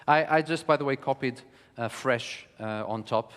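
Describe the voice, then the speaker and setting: A man giving a lecture on music, speaking in a measured, thoughtful way with frequent pauses. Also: medium pitch, fairly bright tone. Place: studio hall. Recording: long reverb of a studio hall.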